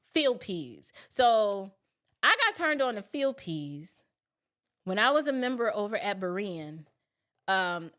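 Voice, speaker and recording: Chatty middle-aged woman hosting a casual livestream, slightly high voice, folksy and talking straight to viewers. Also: bright, forceful tone. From New York City. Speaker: livestream host.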